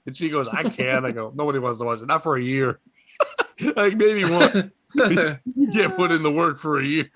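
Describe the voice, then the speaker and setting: A man's voice: a little high, normal speed, fairly bright tone. A young adult man telling rambling, profane comedic stories in casual chat, laughing often. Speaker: podcast guest storyteller.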